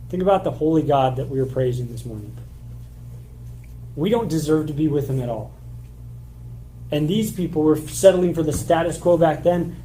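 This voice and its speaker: Conversational pastor with a mellow voice. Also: male voice, a little high, poor audio. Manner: conversational, casual filler words; reads scripture passages aloud. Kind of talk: sermon. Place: church.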